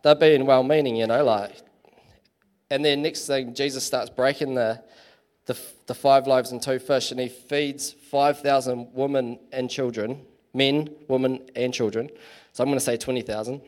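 A man's voice: medium pitch, fairly even intonation, moderate pace, a little mellow. A man giving a casual, chatty sermon in church, full of fillers and self-deprecating asides. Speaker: preacher.

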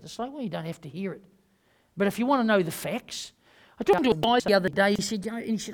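A man with a New Zealand accent preaching a sermon, rambling and emphatic, swinging between loud and quiet. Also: high voice, lively intonation, fast talker. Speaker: pastor.

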